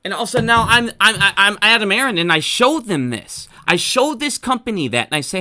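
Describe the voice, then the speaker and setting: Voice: mid-range voice, sing-song, pushed and bright. A stock market commentator in an unscripted solo rant to viewers, frustrated, heated and swearing a lot. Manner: heated, profane, fast-talking rant.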